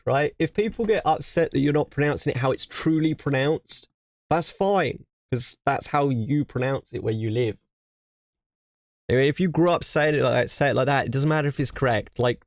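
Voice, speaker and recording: A man's voice: medium pitch, no room sound, clean studio sound. An English man reacting to a video on his stream, ranting animatedly and repeating himself in casual chat.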